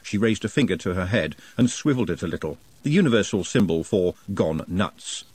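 Wry, lively male audiobook narrator. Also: deep voice, brisk, slightly rough, no room sound. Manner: expressive, wry. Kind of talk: scripted narration.

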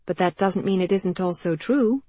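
A woman voicing a witty, sharp-tongued young lady with a dry, teasing manner, in an audiobook. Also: lowish voice, moderate pace, no room sound, pitched above the performer's own voice, natural voice. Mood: wry. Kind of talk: audiobook character voice.

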